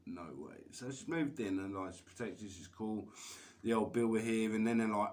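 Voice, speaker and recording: A man's voice: fairly low pitch, normal speed. Swearing man rambling on a live stream. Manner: swears constantly, laughs, rambling storytelling. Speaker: livestreamer.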